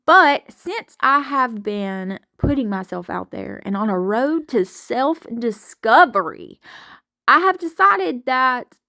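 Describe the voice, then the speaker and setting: A woman's voice: fairly high pitch, big pitch swings, takes it slowly, vocal fry, sharp tone, no echo, studio quality. A woman from Alabama with a Southern accent, chatting frankly and folksily to camera as a home vlogger while washing dishes in her kitchen. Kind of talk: casual chat to camera while doing chores.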